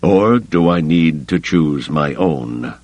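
A man voicing an unstable older male Jedi Master who speaks slowly and imperiously, in an audiobook reading. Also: extremely low pitch, expressive, darkish tone, no room sound, muffled recording, heavily acted. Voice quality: slow, deliberate, commanding.

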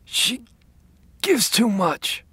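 A narrator voicing a dying older man in pain who speaks in a hoarse, weak whisper. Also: sits high, sing-song, drawn-out words, fairly bright tone, no room sound, pitched above the performer's own voice, full character voice.

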